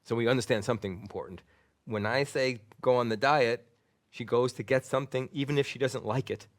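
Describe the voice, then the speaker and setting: A man's voice: mid-range voice, fairly quick. A middle-aged man, a psychotherapist, telling a story in conversation and acting out the dialogue with frequent laughter. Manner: animated, acts out dialogue and laughs often. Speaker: psychotherapist guest.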